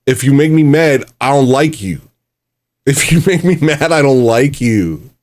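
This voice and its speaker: A man's voice: mid-range voice, expressive, measured pace, a little mellow, dry recording. A man hosting a livestream, talking bluntly and rambling in a self-mocking way. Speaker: livestream host. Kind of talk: casual livestream rant.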